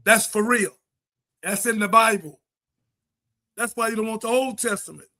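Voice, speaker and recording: Fiery high-voiced preaching radio host. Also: male voice, moderate pace. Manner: impassioned, preacher-like, shouting at times.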